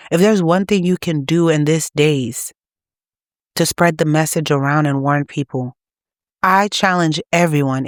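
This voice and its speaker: A woman's voice: low-pitched, no room sound, clean studio sound. A woman preaching to her channel's viewers in an urgent, exhorting manner. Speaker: channel host. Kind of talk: preaching to camera.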